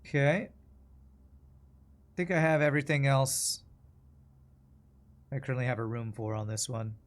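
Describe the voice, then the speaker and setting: Speaking at a normal speed in a mid-range voice, a man talks through a puzzle game on stream. It's casual commentary, mostly muttered thoughts directed at himself and his chat.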